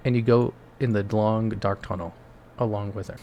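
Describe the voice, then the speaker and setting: A man's voice: on the low side, steady tone, fairly quick, mellow. A man casually narrating a choose-your-own-adventure game live for his chat, playful and loose. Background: background music.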